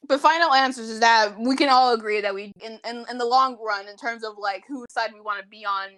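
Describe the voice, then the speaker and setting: Woman, podcast co-host, higher voice, playful, teasing, slangy. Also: brisk, fairly bright tone. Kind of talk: casual podcast chat.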